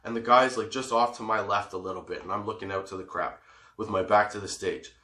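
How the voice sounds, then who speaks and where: A man's voice: fairly low pitch, a little fast. A man in his forties telling a story for a comedy podcast, swearing freely and laughing as he goes. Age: 40s. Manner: profane, animated storyteller who laughs often. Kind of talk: casual storytelling. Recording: roomy echo.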